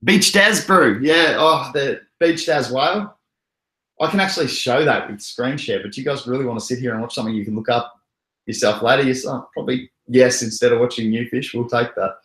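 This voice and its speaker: A man's voice: mid-range voice, fast, a bit bright. Rambling Australian man in an echoey room. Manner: rambling, joking, chuckles often. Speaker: crypto livestream host. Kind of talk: casual livestream chat.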